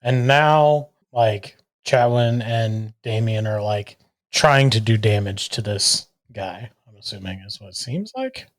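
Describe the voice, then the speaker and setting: A man's voice: lowish voice, a little slow. A man playing in a tabletop game, checking the rules and eager to attack. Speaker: player. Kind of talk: tabletop game play, casual chat.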